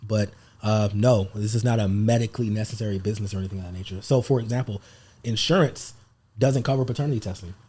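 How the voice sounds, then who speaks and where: Male guest, casual and rambling, low mellow voice. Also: fast talker, slightly rough. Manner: relaxed, rambling, many fillers. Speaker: guest, paternity testing business owner. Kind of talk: casual interview talk.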